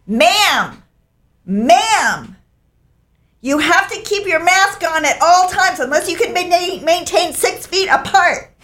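A woman voicing a preachy middle-aged woman hiker who scolds loudly and keeps saying "ma'am". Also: extremely high pitch, expressive, slow, voice pushed up, exaggerated voice. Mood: scolding. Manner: insistent, preachy, repeating "ma'am".

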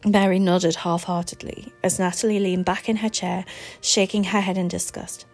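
A woman's voice: fairly low pitch, normal speed, faint music behind. A woman narrating a storybook chapter, reading with expression and giving each character's lines their own tone. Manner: expressive, acts out dialogue in different tones. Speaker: audiobook reader.

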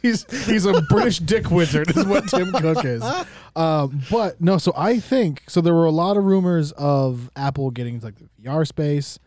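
A man's voice: a little high, expressive, moderate pace, a little mellow, dry recording, studio quality. A man co-hosting a podcast, chatting casually with crude jokes and laughing asides. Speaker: podcast co-host.

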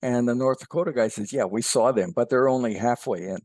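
A man co-hosting a podcast, telling a long joke in a folksy, unhurried way with fillers. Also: medium pitch, a little mellow, no echo. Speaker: podcast co-host, columnist.

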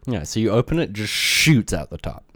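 A man's voice: on the low side, sing-song, moderate pace, fairly bright tone, no room sound, clean studio sound. A man co-hosting a podcast in casual banter, blunt and wry, with frequent swearing. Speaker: podcast co-host.

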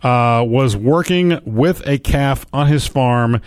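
A man's voice: mid-range voice, slow, a little mellow, clear, resonant tone, dry recording. A man co-hosting a radio show, reading odd news stories aloud in playful banter. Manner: jokey, playful, mock-reading quotes. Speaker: radio co-host. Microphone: studio microphone.

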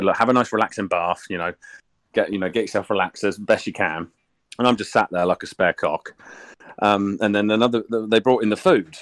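A man's voice: lowish voice, dry recording. A man, a podcast guest telling a laddish, jokey story full of swearing. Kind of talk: casual storytelling chat.

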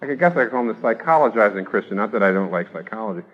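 A man preaching a sermon, emphatic, rising to loud exhortation and then dropping low. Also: animated, quick pace, muffled recording. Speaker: pastor.

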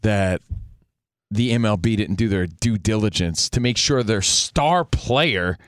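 A man's voice: lowish voice, unhurried, no echo, clean studio sound. A man co-hosting a sports talk radio show, arguing his point at length in a skeptical, emphatic way. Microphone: studio microphone.

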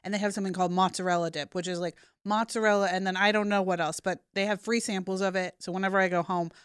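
A woman's voice: mid-range voice, fairly even intonation, quick pace, smooth, dry recording, studio quality. A woman from Iowa, a guest on a podcast, chatting casually and self-deprecatingly about food. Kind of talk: casual chat.

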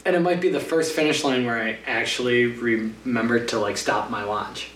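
A man's voice: mid-range voice, steady tone, moderate pace, fairly bright tone. A man casually telling a long trail race story in a podcast interview, rambling with lots of fillers. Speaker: trail runner guest. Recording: roomy, distant mic with faint hum.

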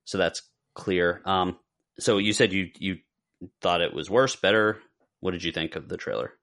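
A man's voice: sits low, moderate pace, fairly bright tone. A man co-hosting a podcast in casual chat, rambling a little and correcting himself as he goes. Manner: rambling, self-correcting, lists names. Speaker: podcast co-host.

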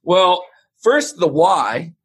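A man talking as a podcast guest, telling stories in a lively way and acting out what people said. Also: sits high, drawn-out words, slightly rough. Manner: animated storyteller, acts out quotes. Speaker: podcast guest, supplement scientist. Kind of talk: casual interview chat.

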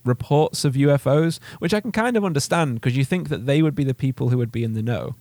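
A man's voice: medium pitch, fast, darkish tone, no echo. A man hosting a podcast, telling a story in casual chat, laughing often and restarting words. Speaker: podcast host.

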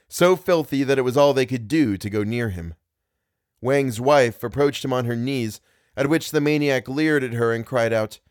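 A man reading a classic tale aloud as podcast narrator, in a measured storytelling manner. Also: mid-range voice, no room sound, studio quality.

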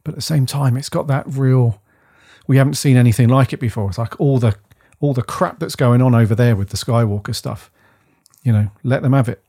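A man from the UK co-hosting a podcast, chatting in a rambling, enthusiastic way and often letting his phrases trail off softly. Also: mid-range voice, fairly quick, breathy edge. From United Kingdom. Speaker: podcast co-host. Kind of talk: casual chat.

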